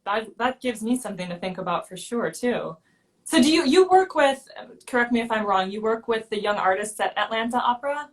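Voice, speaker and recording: A woman's voice: fairly high pitch, lively intonation, fairly quick. Curious woman asking rambling questions. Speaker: opera singer hosting a chat. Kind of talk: casual chat.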